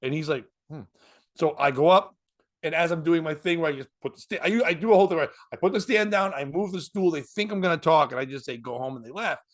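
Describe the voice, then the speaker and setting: Animated man telling a story. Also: fairly high pitch, fast talker. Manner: animated, laughs through his story, acts out other people's lines; swears freely. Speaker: comedian and podcast host. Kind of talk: casual storytelling chat.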